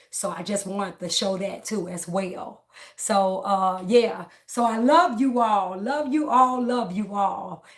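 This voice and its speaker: A woman, talking bluntly and defiantly to her viewers in a casual opinion vlog, repeating herself often. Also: medium pitch. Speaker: political vlogger.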